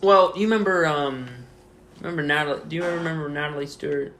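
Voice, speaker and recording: A man's voice: a little high, fast, a bit bright. A man in his twenties co-hosting a podcast, joking and teasing in crude casual chat. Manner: profane, teasing banter. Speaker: podcast co-host.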